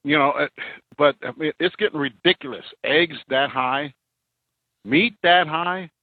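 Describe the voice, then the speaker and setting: Male trucker caller, rather high voice, blunt and rambling, dry phone line. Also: unhurried, no echo. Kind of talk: phoning in to talk radio.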